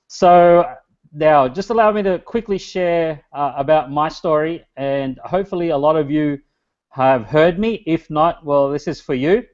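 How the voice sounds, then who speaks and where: A man's voice: medium pitch, a little mellow. A man, giving a loose, chatty webinar talk as a guest speaker and speaking to an online chat. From Australia. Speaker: guest speaker, business strategist. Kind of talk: webinar presentation. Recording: dull lo-fi webinar audio.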